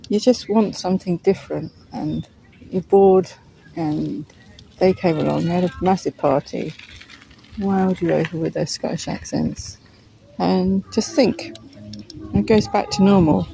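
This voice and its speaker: A woman from the UK rambles on in a relaxed, chatty monologue, dotted with small laughs. Her voice is mellow and warm, and she sounds like she is out walking in the countryside with a faint hiss of background noise. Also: on the low side, creaky, rough recording. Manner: chatty, frequent little laughs, talks to her dog. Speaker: vlogger. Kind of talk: rambling walk-and-talk monologue. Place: outdoors on a countryside walk.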